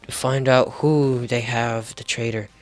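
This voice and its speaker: A man's voice: medium pitch, fairly even intonation, a little slow. A young man improvising a fan story video, rambling with restarts and laughing at himself.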